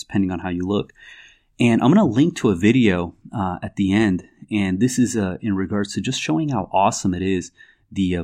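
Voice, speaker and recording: A man giving a measured, explanatory talk on scripture, reading verses aloud and pausing often with fillers. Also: on the low side, a little mellow. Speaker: religious commentator.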